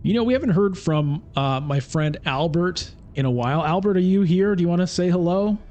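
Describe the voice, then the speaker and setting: A man's voice: high-pitched, animated, brisk, a little mellow. A man giving casual, chatty commentary as he plays a digital board game, thinking aloud. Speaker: streamer.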